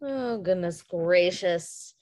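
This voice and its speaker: A woman teacher on a video call, chatting with the class in an animated, giggly way. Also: on the low side, slow pace. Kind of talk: casual online class chat.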